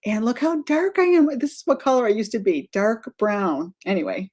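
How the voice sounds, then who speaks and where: A woman's voice: medium pitch, normal speed, few pauses, darkish tone. A middle-aged woman hosting a live-streamed craft tutorial, chatting casually, greeting viewers by name and often wandering off-topic and correcting herself. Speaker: art tutorial host.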